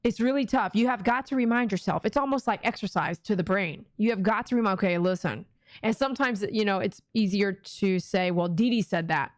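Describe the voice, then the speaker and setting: A woman's voice: mid-range voice, brisk, few pauses, no room sound, studio quality. Chatty Texan woman hosting a prayer stream. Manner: chatty, talks to viewers and acts out her own inner voice. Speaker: livestream prayer host. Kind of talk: casual live-stream talk.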